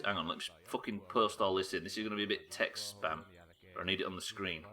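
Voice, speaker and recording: A man's voice: lowish voice, very animated, brisk, fairly bright tone. A young man streaming a game live, swearing freely and answering his chat as he works through tasks. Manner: swears often, talks to chat, frustrated outbursts. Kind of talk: live gameplay commentary.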